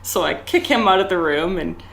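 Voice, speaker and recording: A woman's voice: lowish voice, animated, normal speed, vocal fry, fairly bright tone. A woman telling stories as a guest in a casual interview, speaking candidly, laughing often and acting out the dialogue. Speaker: guest, escort and tantra educator.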